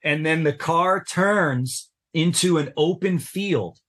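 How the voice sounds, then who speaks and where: A man's voice: on the high side, slow pace, a bit bright, husky. Earnest middle-aged man telling his story. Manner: earnest, intense retelling with acted-out quotes. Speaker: podcast guest. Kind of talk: personal storytelling in an interview.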